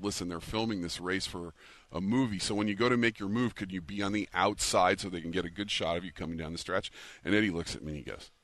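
A man's voice: sits low, a bit bright, dry recording. A man co-hosting a radio show, telling stories casually and laughing along. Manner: anecdotal, laughs as he tells stories. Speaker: radio co-host and racehorse owner. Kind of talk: casual storytelling chat.

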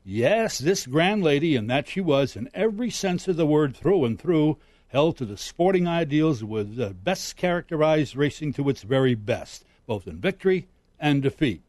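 A man's voice: on the high side, a little mellow, no echo. A man giving a formal, stately scripted narration about racing history, close on the mic.

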